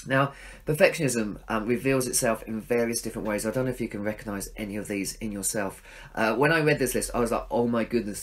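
A middle-aged man giving a sermon in a conversational, self-deprecating way, acting out his own inner voices. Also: mid-range voice. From England. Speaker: pastor.

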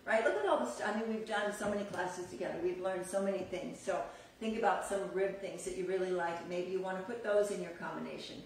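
A woman's voice: medium pitch, heavy reverb, recorded from a distance, low-quality recording. A woman teaching a belly dance class, chatty and upbeat, laughing often. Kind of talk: live online dance class.

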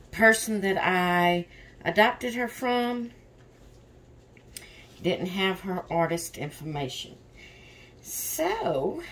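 A woman's voice: medium pitch, fairly bright tone, a little hiss or hum. A woman hosting a doll vlog in casual chat, tired and yawning, rambling openly about her stress. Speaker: reborn doll channel host.

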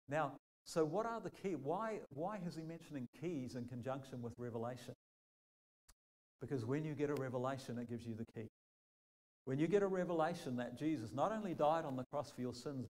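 A male pastor with a New Zealand accent preaching a sermon, telling stories and acting out quotes in a lively way. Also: medium pitch, low-quality recording.

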